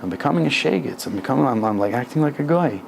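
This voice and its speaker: A man voicing an anxious young pious man, muttering in a hushed, low voice. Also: expressive, fast, gravelly, slight background noise. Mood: worried.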